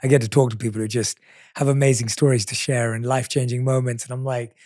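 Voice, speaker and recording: A man's voice: mid-range voice, flat delivery, fast, a little mellow, dry recording, studio quality. A man hosting a podcast interview, earnest and reflective, talking with lots of fillers. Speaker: podcast host. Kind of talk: interview conversation. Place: podcast studio.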